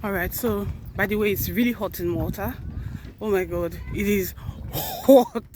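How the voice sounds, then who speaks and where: A woman's voice: medium pitch, steady tone, normal speed, slight background noise. Breathless woman vlogging on a walk. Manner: chatty, earnest, self-correcting. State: slightly out of breath. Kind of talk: casual walking vlog. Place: outdoors, walking to a park.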